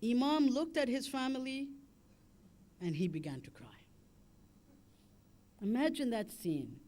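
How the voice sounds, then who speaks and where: High-voiced impassioned male preacher. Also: animated, unhurried, darkish tone. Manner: impassioned, building to a wailing lament; recites Arabic in a chanting cadence. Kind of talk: Muharram sermon with elegy.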